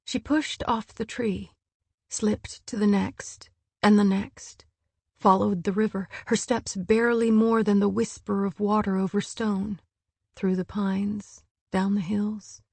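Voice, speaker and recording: Hushed, husky woman reading a story. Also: mid-range voice, level tone, slow, no echo. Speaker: audiobook narrator. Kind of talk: scripted narration.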